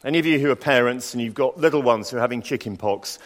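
A man preaching a sermon. He reads scripture slowly, then tells personal stories with dry asides. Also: mid-range voice, long reverb tail.

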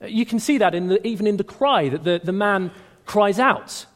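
A man preaching a sermon to a gathering, speaking with animated emphasis and raising his voice on quoted lines. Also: sits high, moderate pace. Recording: reverberant hall.

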